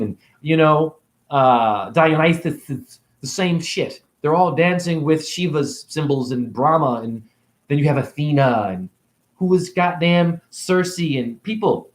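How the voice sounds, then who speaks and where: Rambling man in an echoey room. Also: a little high. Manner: rambling, talks in circles, swears. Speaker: spiritual video creator. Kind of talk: rambling spiritual monologue.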